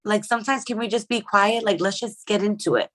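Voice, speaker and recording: A woman co-hosting a casual podcast chat, loud and exclamatory, often breaking into laughter. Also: medium pitch, a little fast. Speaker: podcast co-host.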